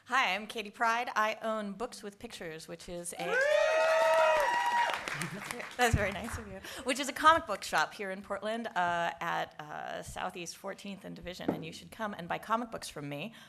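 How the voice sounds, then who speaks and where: A woman's voice: mid-range voice, normal speed, creaky, a crowd in the background, noisy background. A woman introducing herself at a live comedy reading, upbeat and cheeky. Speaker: comic shop owner, guest reader. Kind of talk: live comedy stage banter.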